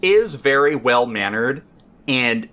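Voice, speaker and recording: A man chats on a podcast, his voice bright and forceful. He rambles through a story with plenty of "um"s and casual swearing. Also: medium pitch, animated, slow. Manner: profane, rambling, full of fillers. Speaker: podcast panelist.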